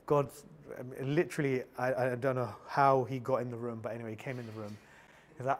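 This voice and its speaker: Man, middle-aged, tech meetup speaker, mid-pitched voice, candid and anecdotal, stumbles and restarts. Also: little pitch movement, a little fast. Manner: candid, anecdotal, frequent restarts and repeated words. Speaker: conference speaker.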